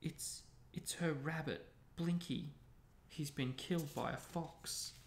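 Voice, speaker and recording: A man's voice: fairly high pitch, slow pace, vocal fry, reverberant, a little hiss or hum. A man voicing a teenage girl who whispers sympathetically in a storybook reading. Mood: hushed. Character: hushed, consoling teenage girl.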